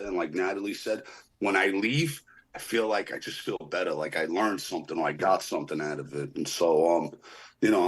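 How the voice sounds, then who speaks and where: Earnest low-voiced man sharing. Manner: earnest, reflective. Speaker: meeting participant sharing. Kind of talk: casual recovery meeting share. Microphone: video call.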